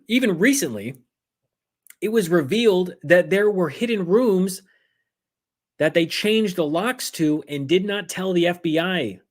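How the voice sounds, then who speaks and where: Talking fast in a high voice, a man hosts a political commentary livestream. He's heated and sarcastic, mocking others by imitating them in silly voices.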